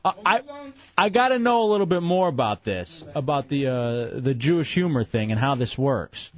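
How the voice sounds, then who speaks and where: A man's voice: very animated, highs cut off. A man hosting an evening radio show, bantering playfully and rambling from topic to topic. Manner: playful, rambling, quick shifts in pitch. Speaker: radio host.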